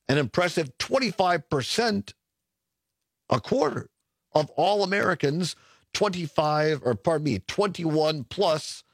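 Lively middle-aged male radio host. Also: on the high side, no room sound, studio quality. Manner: animated, chuckling, self-correcting. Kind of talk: casual talk radio chat. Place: radio studio. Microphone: studio mic.

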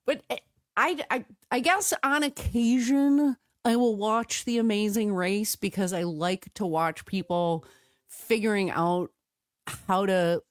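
A woman from the United States co-hosting a podcast in casual chat, animated and full of restarts. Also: mid-range voice, a little slow, no echo, clean studio sound. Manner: chatty, animated, with restarts and laughs. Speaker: podcast co-host.

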